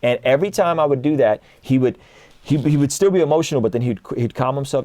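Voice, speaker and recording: A man in his thirties, a guest in a casual conversation, telling stories in an animated way and acting out what others said. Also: medium pitch, quick pace, no echo. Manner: animated storyteller, acts out quotes.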